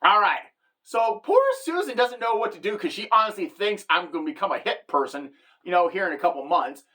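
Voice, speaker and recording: A woman's voice: mid-range voice, a little fast. Middle-aged woman telling a comic story. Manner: animated, deadpan punchlines, jumps into quoted voices. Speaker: comedic storyteller. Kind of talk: comedic storytelling monologue.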